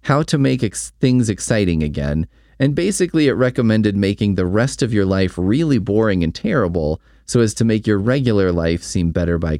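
Man, book reviewer: low gravelly voice, lively sarcastic delivery, dry close mic. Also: no echo. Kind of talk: casual spoken book review.

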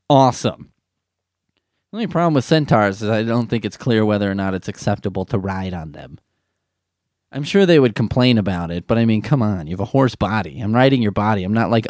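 A man's voice: medium pitch, a little mellow, dry recording, studio quality. A man riffing comedically in a rambling, sarcastic way, swearing often.

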